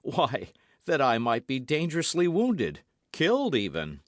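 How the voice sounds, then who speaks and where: A man's voice: mid-range voice, huge pitch swings, a little slow, no echo, studio quality, pitched above the performer's own voice. A man reading an audiobook, voicing a gallant, ardent young swordsman in an earnest, caressing manner.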